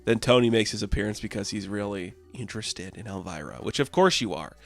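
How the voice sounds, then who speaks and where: A man's voice: lowish voice, expressive, brisk, creaky, no room sound. Casual man recapping a comic. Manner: casual, laughing, lots of fillers. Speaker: comic book reviewer.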